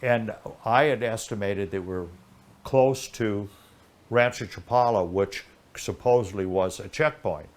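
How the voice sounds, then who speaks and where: Older man telling a lively rambling story. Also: fairly low pitch, unhurried. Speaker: interview guest. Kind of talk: casual anecdotal storytelling.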